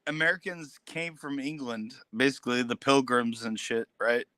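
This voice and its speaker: A man's voice: mid-range voice, normal speed, sharp tone, dry recording. A man joining a casual livestream chat, talking loosely and swearing while wondering aloud. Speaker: livestream guest.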